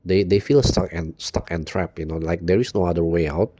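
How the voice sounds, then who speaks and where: A video blogger with a low, mellow voice rambles unscripted straight to his viewers, looping back on his own phrases and saying "you know" constantly. He's brisk, profane and bitter, swearing throughout. The recording is dry and close, with no room sound.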